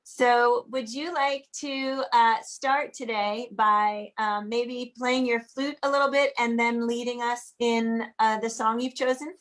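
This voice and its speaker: A woman's voice: on the high side, fairly even intonation, takes it slowly, few pauses, fairly bright tone. A woman host welcoming a guest over a video call, with hesitant fillers in her questions.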